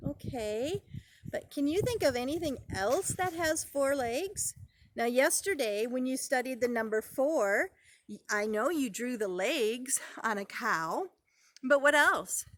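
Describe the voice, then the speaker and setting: A woman's voice: high voice, expressive, takes it slowly, a bit bright. A woman preschool teacher reading a picture book aloud to young children, sing-song and encouraging, repeating phrases for them.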